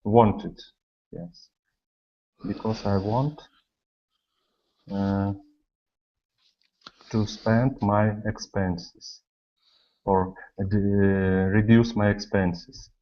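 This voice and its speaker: A man learning English who speaks haltingly, searching for words and restarting often. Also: on the low side, steady tone, highs cut off. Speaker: language student.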